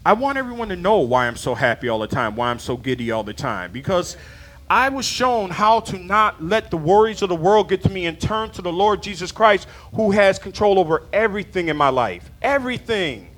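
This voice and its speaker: A man delivering a sermon, his voice sitting high and swinging widely. He is animated and playful, breaking into laughter and acting out little dialogues with God. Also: fairly quick. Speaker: church member preaching.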